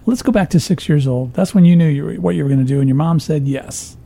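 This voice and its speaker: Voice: mid-range voice, fast, vocal fry, mellow. An interviewer asking questions casually, hesitant with frequent restarts.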